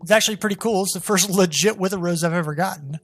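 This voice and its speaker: A gaming channel host giving gameplay commentary, talking straight to viewers with excited, exasperated outbursts. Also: mid-range voice, quick pace, soft background music. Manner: talks to viewers as "guys".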